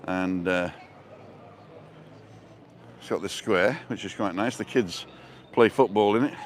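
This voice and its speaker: A man's voice: on the low side, a little slow, slight background noise. A middle-aged man hosting a casual live stream as he walks outdoors through town streets, chatting and reading out viewer comments with a joking manner.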